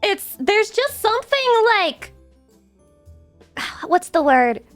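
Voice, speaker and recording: Young Southern woman streamer, high voice, faint music underneath, cusses a lot, playful. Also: sing-song, slow pace. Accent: Southern American. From American South. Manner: swears freely, playful and loud with sudden high squeals. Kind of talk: casual stream chat reading viewer messages.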